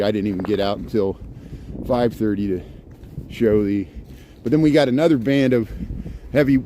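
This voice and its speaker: A man's voice: mid-range voice, warm tone, slight background noise. A middle-aged man live-streaming as he walks outdoors, chatting in a rambling way and greeting viewers by name. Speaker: live-streaming walking vlogger. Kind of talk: casual live-stream chat. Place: outdoors on a snowy city street. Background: faint street ambience and passing vehicles.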